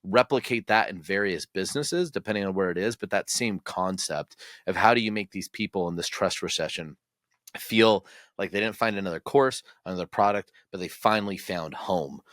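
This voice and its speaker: Upbeat low-voiced male podcast host. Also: fairly bright tone, dry recording, studio quality. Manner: enthusiastic, quick bursts of agreement and laughter. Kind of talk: casual podcast interview.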